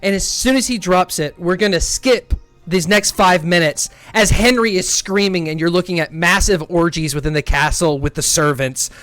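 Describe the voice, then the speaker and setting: A man running a tabletop game as game master, narrating scenes in a relaxed, descriptive way. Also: sits high, normal speed, few pauses, clear, resonant tone, no echo, soft background music.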